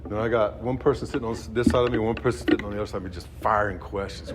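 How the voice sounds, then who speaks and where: A man in his fifties telling his own recovery story in a halting, blunt, profane way, heard on a noisy recording. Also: on the low side, steady tone. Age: 50s. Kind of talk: personal testimony at a meeting.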